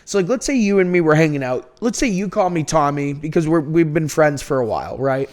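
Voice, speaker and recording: A man's voice: fairly high pitch, a little fast. Chatty man with a Boston accent. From North Shore of Massachusetts. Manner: animated storyteller, laughs easily. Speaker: podcast guest. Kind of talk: casual chat.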